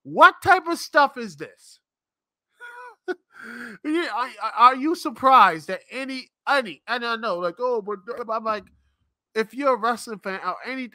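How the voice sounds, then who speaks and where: A man's voice: high voice, pushed and bright, no echo, studio quality. A man hosting a live-stream show, ranting in an exasperated, rambling, sarcastic way. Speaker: podcast host. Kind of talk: live-stream commentary rant.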